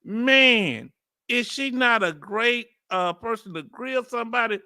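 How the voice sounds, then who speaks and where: Animated Texas man reacting loudly. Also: very high-pitched, unhurried, smooth, no echo, studio quality. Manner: animated, slangy, laughs often. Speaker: reaction video host. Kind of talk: reaction commentary.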